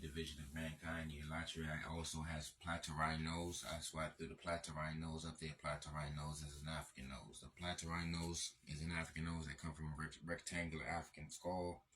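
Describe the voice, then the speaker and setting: Male host, very deep and forceful, repetitive profane lecture style. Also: slight background noise. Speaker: channel host. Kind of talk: lecturing monologue.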